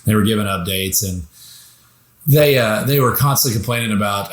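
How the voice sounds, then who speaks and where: Lively male storyteller in an echoey room. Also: mid-range voice, fairly quick. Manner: lively storyteller, mocking quotes. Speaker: podcast guest. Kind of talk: casual political talk.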